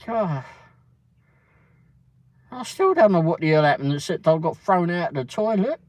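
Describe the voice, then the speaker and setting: A man's voice: on the high side, big pitch swings, moderate pace, no echo, rough recording. Man, livestream host, casual storytelling, salty language, truck cab. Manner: swears a lot and keeps saying "flipping".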